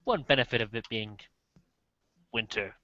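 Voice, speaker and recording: A man's voice: mid-range voice, normal speed, pushed and bright, no room sound. A man running a tabletop role-play as game master, narrating casually with playful asides. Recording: muffled dry lo-fi recording.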